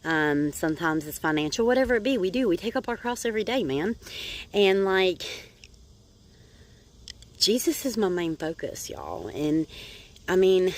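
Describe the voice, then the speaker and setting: A middle-aged woman talking in a casual personal video diary, rambling and chatty with lots of "like" and "um" and calling her viewers "y'all". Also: fairly low pitch. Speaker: vlogger.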